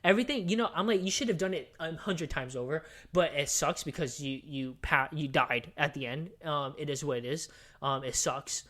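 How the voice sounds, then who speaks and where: A podcast co-host at a middle pitch who rants through a movie plot in casual chat. The talk wanders and restarts, packed with fillers and curse words. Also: moderate pace, fairly bright tone. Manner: rambling, swearing, heated movie recap with many fillers.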